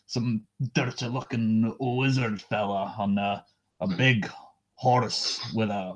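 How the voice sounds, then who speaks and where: A man voicing a brash, rude, injured male prince with a Scottish accent. He talks in a halting, crude way with many fillers. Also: on the low side. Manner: hesitant, filler-heavy, crude. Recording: dull lo-fi recording.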